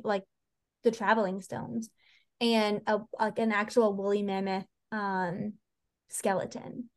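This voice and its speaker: A woman co-hosting a casual podcast chat, gushing as she retells scenes. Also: medium pitch. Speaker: podcast co-host.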